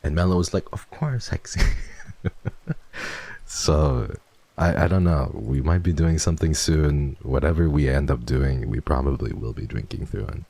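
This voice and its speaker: A man chatting playfully on a livestream, teasing viewers and swearing freely as he reads donations, jumping between loud bursts and hushed murmurs. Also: a bass voice, normal speed, gravelly, no room sound. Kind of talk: casual livestream chat, reading donations.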